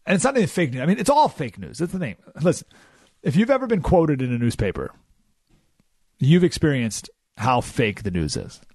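A man's voice: fairly high pitch, big pitch swings, brisk, darkish tone, slightly rough, no room sound. A man hosting a radio talk show, delivering an emphatic, sarcastic opinion monologue from a studio.

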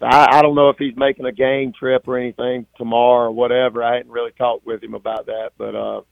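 Gravelly coach on a phone line. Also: male voice, medium pitch, little pitch movement, no echo. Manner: halting, many fillers and restarts. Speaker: high school football coach. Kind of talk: postgame phone interview. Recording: tinny, dry phone line.

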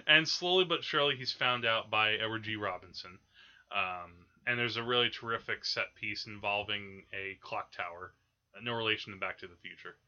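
A podcast host with a lowish, sharp voice chats casually about old films at normal speed, rambling with many fillers and restarts. The audio sounds dull.

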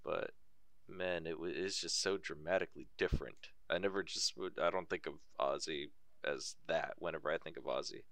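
A man's voice: extremely low pitch, fairly even intonation, normal speed, fairly bright tone, no room sound. A young man chatting casually on a podcast, laid-back and swearing freely. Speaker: podcast co-host.

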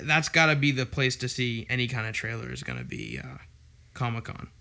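A man's voice: medium pitch, creaky, sharp tone. A man co-hosting a casual podcast chat, talking eagerly and gushing about upcoming releases. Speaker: podcast co-host.

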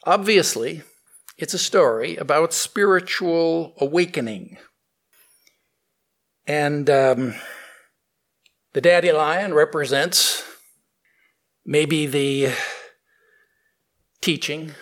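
Man as spiritual teacher; slow, reflective fable-and-meaning delivery, slightly raised pitch. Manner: slow, thoughtful, with fillers and restarts. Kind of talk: telling a fable and explaining its meaning.

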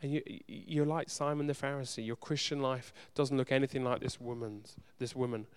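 A man preaching a sermon, speaking earnestly and directly to his congregation, swinging from loud urgency to soft hushed moments. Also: mid-range voice, steady tone, moderate pace, clear, resonant tone. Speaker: pastor.

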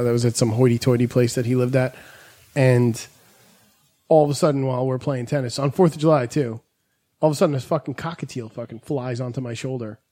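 A man hosting a podcast in casual banter, a profane, rambling storyteller who sometimes slips into squeaky impressions. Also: a little mellow. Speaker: podcast host.

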